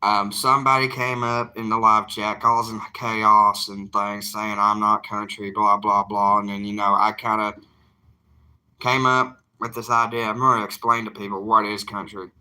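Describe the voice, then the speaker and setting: A man's voice: on the low side, flat delivery, normal speed, bright, forceful tone, clear, resonant tone. A young man, an evangelist talking casually to his livestream viewers in an earnest, plainspoken, defiant way.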